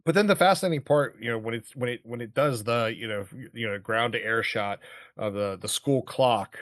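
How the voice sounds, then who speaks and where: A man's voice: mid-range voice, moderate pace, fairly bright tone, dry recording, studio quality. A man co-hosting a movie podcast, talking casually with lots of fillers and quoted reactions. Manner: rambling, many fillers, quoting lines. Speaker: podcast co-host.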